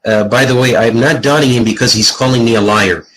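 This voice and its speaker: A husky man taunting his opponent. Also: medium pitch, brisk, fairly bright tone, low-quality recording. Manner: taunting, mocking. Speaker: debater in a voice chat room. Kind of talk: online debate.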